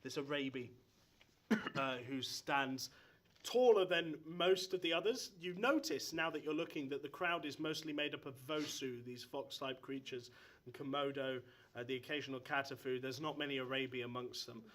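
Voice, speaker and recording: A man's voice: medium pitch, moderate pace, a bit bright. A man narrating as game master of a live tabletop game, hesitant, with many ums and uhs. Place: stage in front of a live audience.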